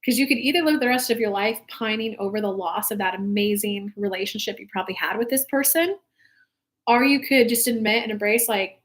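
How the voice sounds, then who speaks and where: A woman's voice: mid-range voice, fairly even intonation, a little fast. A young adult woman hosting a live spiritual talk show, speaking casually and from the heart, rambling with lots of "like".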